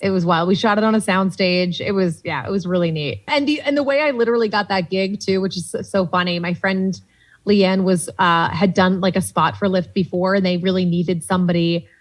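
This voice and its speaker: On a poor-quality recording, a young Boston-accented woman from Boston, appearing as a comedian on a podcast, chats casually and tells animated stories, voicing the people she quotes. Her voice sits on the low side and she talks a little fast.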